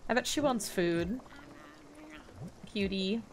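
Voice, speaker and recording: A woman's voice: mid-range voice, slow, slight background noise. A young woman chatting casually as she plays a video game, fretting aloud and humming along. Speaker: let's play streamer. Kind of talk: casual gameplay commentary.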